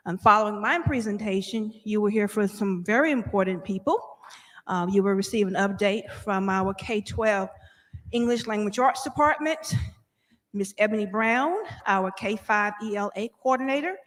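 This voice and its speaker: A woman's voice: medium pitch, moderate pace. A woman administrator gives an orderly, formal presentation at a board meeting. Her mid-range voice has the long reverb of a large boardroom. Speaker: school district administrator.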